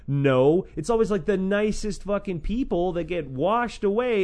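A man's voice: high voice, lively intonation, moderate pace, few pauses, darkish tone. A man casually retelling scripture stories in a sarcastic, profane way, breaking into acted-out quotes. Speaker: podcast host retelling a scripture book. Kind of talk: irreverent casual storytelling.

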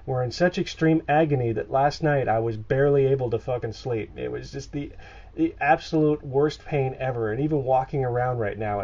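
A man co-hosting a podcast, rambling through stories with stumbling restarts and casual swearing. His voice is gravelly with a lot of fry. It comes over an internet call, dull and muffled. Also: mid-range voice, brisk, darkish tone. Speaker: podcast co-host. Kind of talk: casual chat.

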